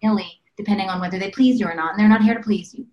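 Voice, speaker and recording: A woman's voice: medium pitch, very fast, darkish tone, dull audio. Earnest woman explaining in a roomy space. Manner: earnest, explaining, acts out little quoted lines. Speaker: mother sharing parenting advice. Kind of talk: casual conversational chat.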